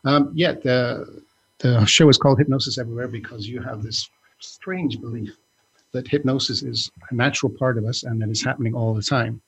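A man's voice: medium pitch, a little fast, breathy edge. A man co-hosting a podcast in casual chat, rambling and breaking off his own sentences, with the odd joke. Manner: rambling, self-interrupting, joking. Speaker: podcast co-host.

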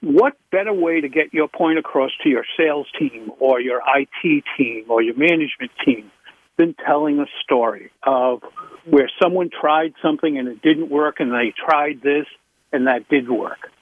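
A man, a public speaking coach, talking in an interview with emphatic, animated leaps in pitch. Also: moderate pace, no room sound. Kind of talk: interview talk. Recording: tinny phone line.

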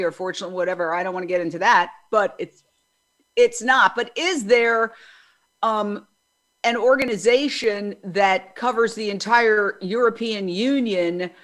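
A woman in her sixties hosting an interview, loud and chatty, telling stories as she goes. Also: mid-range voice. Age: 60s. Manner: loud, chatty, self-described loudmouth. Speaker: interview host. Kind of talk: conversational interview.

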